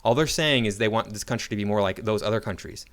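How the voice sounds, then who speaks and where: A man's voice: lowish voice, fast talker. An American man commenting on a video in a sarcastic, argumentative way, with frequent restarts. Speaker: online commentator.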